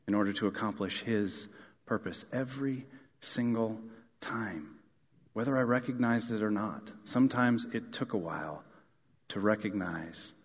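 A man preaching a sermon in an earnest way. He rises to emphatic questions and then drops to a soft, quiet close. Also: lowish voice, in a large hall. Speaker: pastor.

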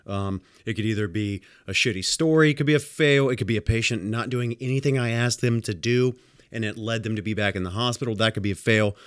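A man with a fairly low voice talks a little fast and smoothly, recorded with studio quality and no room sound. He's a home health nurse delivering a casual, blunt, profane rant of work stories. He's animated and acts out the dialogue in other voices in this storytelling monologue.

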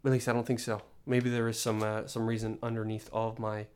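A man's voice: on the low side, completely flat delivery, a little fast, darkish tone, clear, resonant tone. A young man hosting a solo podcast, rambling in an exasperated, joking rant with many restarts. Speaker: podcast host.

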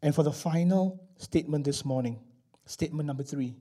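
A man preaches a sermon from the pulpit. His voice sits high for a man. He swings from loud, stressed declarations down to quiet, hushed asides. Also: a little fast, breathy edge. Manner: emphatic, rising and dropping between loud declarations and hushed asides. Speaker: pastor.

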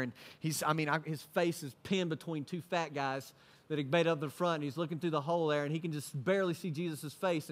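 A man preaching a sermon, telling a story in an animated way with casual slang. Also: fairly high pitch, long reverb tail.

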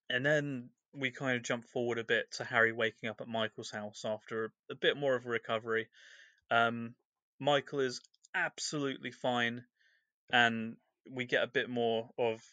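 A man's voice: medium pitch, bright, forceful tone, dry recording, muffled recording. A man co-hosting a podcast, recapping a novel's chapters in a loose, rambling way full of fillers. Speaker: podcast co-host. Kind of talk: casual book discussion.

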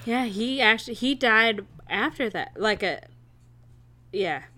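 A woman's voice: on the high side, animated, a little slow, sharp tone. A young woman co-hosting a casual podcast, reacting with wry jokes and reading out notes. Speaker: podcast co-host. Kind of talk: casual chat.

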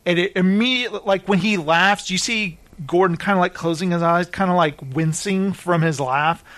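Chatty high-voiced man recapping TV. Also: moderate pace, a bit bright. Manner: chatty, laughing, retells scenes with quoted voices. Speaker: podcast host. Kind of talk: casual chat about TV shows.

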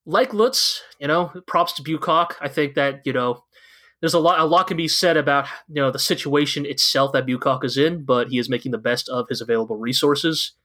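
A man's voice: mid-range voice, brisk, pushed and bright. A man co-hosting a podcast, chatting casually and enthusiastically about an anime, rambling with lots of fillers. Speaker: podcast co-host. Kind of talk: casual anime recap chat.

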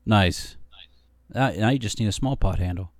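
A man's voice: lowish voice, normal speed, a little mellow, slight background noise. A man co-hosting a podcast in casual chat, joking and laughing often. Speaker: podcast co-host.

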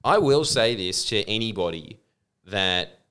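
A man's voice: fairly low pitch, lively intonation, a little slow, fairly bright tone, smooth. A young Australian man co-hosting a casual chat, teasing his friends with wry banter. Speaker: podcast co-host.

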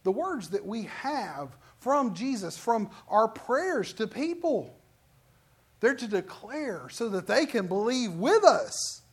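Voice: mid-range voice, big pitch swings, takes it slowly, slightly rough. A pastor preaching a sermon in a church, talking conversationally and asking the congregation questions.

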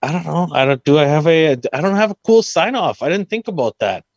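Man, podcast host, monotone, halting, dull lo-fi sound. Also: a little high, no echo. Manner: self-described monotone, halting with many "uh"s. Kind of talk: casual sports podcast chat.

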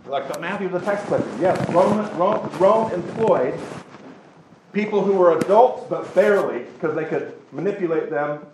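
This high-pitched male teacher speaks animatedly to a live Bible class, keeping it conversational and slipping into quick impressions of other people. The room is echoey, with a steady hum of noise in the background.

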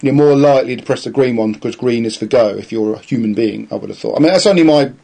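A man's voice: medium pitch, quick pace, vocal fry, mellow. Enthusiastic man hosting over a call. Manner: enthusiastic, hesitant with fillers. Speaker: podcast host. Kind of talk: casual chat over a call. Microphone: video call.

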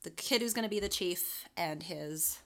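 A woman in casual conversation about a book, lively and quick to break into silly voices. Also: lowish voice. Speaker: podcast co-host.

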